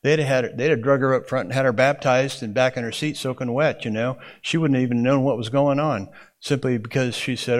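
A man's voice: medium pitch, brisk. A man teaching a Bible interpretation class, explaining in a folksy way and often checking in with the room. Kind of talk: classroom lecture.

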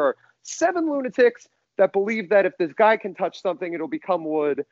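A man telling a long story as a podcast guest, rambling and animated, with many restarts and fillers. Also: sits high, fairly quick, dry recording, lo-fi sound. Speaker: musician guest.

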